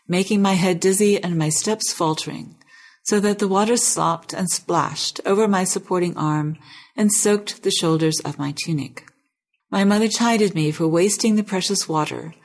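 Woman host and reader, lowish voice, measured expressive delivery. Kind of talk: reading a novel excerpt aloud.

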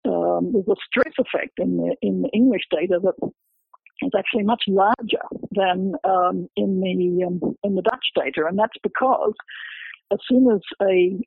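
A high, husky man's voice with a gravelly creak, talking like a lecturer and laying out examples one by one. The audio is tinny and phone-like, with a dry, close sound. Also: unhurried, dry recording. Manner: lecturing, walks through examples step by step. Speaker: researcher and author discussing his book. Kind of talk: explanatory academic interview talk.

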